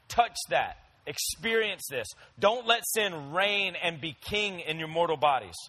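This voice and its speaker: A young man preaching with a high, bright, ringing voice. He talks to the congregation casually, like a friend telling stories, and breaks into playful voices to act out the scenes. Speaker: pastor. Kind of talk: sermon.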